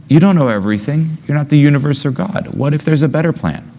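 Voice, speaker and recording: A young male self-help coach talks fast to a group in a voice on the high side, mellow but with vocal fry and lively intonation. In this coaching session he is blunt and emphatic, swearing freely and firing rhetorical questions one after another. There is a little hiss or hum.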